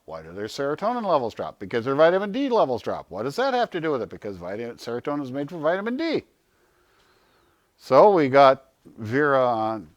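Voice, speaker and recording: With a medium-pitched voice and no echo, a man presents an informal health talk to a small crowd. He's an animated storyteller who voices quotes loudly and keeps asking and then answering his own questions.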